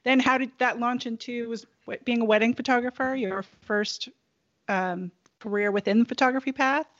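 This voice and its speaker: A woman's voice: on the high side, steady tone, normal speed. A woman hosting an interview, curious, asking long rambling questions. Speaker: interview host. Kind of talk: conversational interview. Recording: muffled lo-fi audio.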